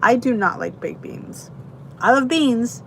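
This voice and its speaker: A woman talks slowly and chattily on a live stream. She greets viewers by name and stretches out her exclamations. A faint hum sits behind her voice. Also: a little high, expressive, vocal fry, fairly bright tone, rough recording. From Philadelphia, Pennsylvania. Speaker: host of a live chat stream. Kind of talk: casual live-stream chat reading comments.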